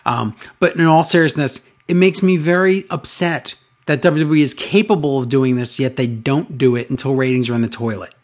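A man co-hosting a podcast, chatting casually and retelling scenes with excitable voice changes. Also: medium pitch, brisk, few pauses. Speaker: podcast co-host. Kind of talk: casual podcast chat recapping wrestling.

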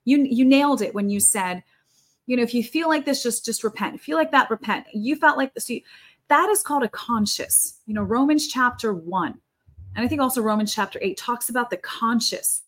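Woman podcast guest, high-pitched, emphatic conversational preacher. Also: brisk. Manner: emphatic, fervent, repeats for stress.

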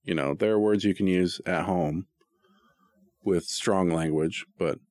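A man co-hosting a podcast, telling relaxed anecdotes in casual chat. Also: low-pitched, a little slow, dry recording. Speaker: podcast co-host.

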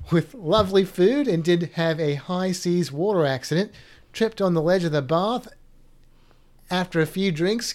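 Guy faking an aussie accent, reading a goofy story out loud. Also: high-pitched, close to an everyday voice. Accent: put-on Australian. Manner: comic storytelling read-out. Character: jokey Australian man telling a cruise story.

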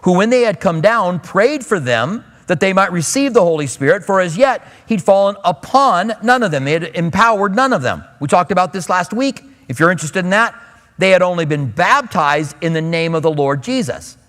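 A man with a high voice preaches casually, slipping into the voices of the people he quotes. The sound carries a long reverb from a large hall. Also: expressive, normal speed, a bit bright. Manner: conversational, acts out quoted voices. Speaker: pastor. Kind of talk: expository sermon.

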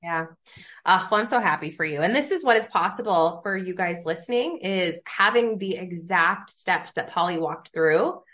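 A woman with a medium-pitched, slightly bright voice hosts a faith and business podcast. She talks enthusiastically and chattily in a casual conversation, using "like" and other fillers a lot.

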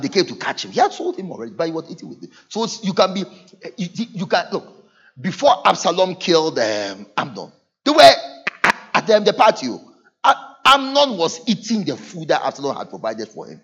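Preaching man, fairly high voice, animated delivery, muffled lo-fi church recording. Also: slightly rough. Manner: lively preaching with dramatic acted quotes. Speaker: pastor. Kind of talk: sermon.

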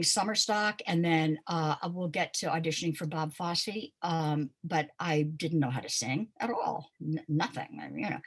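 An older woman from Pensacola tells stories as an interview guest. Her low voice carries a husky edge, and she talks conversationally with plenty of ums and uhs. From Pensacola, Florida. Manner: warm storytelling with frequent ums and uhs. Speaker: interview guest, dance teacher.

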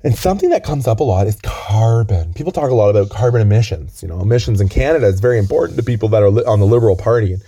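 A man with a chest cold, co-hosting a comedy chat in a rambling, deadpan way, often restarting his sentences. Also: lowish voice, racing, hardly any pauses, slightly rough. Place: outdoors on a lookout.

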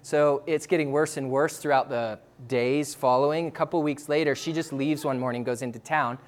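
A man telling a story to an audience in a casual, animated way, full of "like" and quick laughs. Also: medium pitch. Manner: casual, lots of "like", laughs between phrases. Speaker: speaker sharing a testimony.

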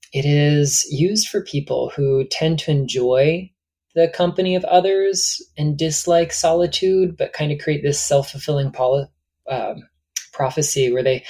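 Man explaining calmly as a guest. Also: a little high. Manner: thoughtful, explanatory. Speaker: author and guest. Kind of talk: casual podcast interview.

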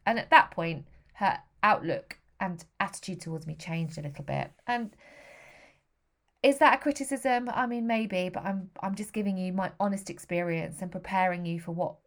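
A woman's voice: on the low side, normal speed. A woman in her thirties telling a personal story in a frank, emotional way, with the odd swear word. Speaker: vlogger.

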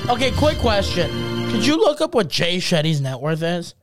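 A man co-hosting a podcast, chatting casually in a jokey, animated way. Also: high-pitched, moderate pace, music in the background. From England. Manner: jokey, animated, puts on voices. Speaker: podcast co-host.

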